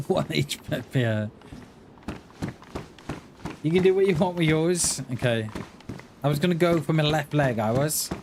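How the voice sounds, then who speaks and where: A man's voice: on the high side, expressive, unhurried, pauses often, noisy background. A man chatting playfully with viewers while livestreaming a game. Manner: playful, jokey banter with chat. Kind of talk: casual chat while gaming.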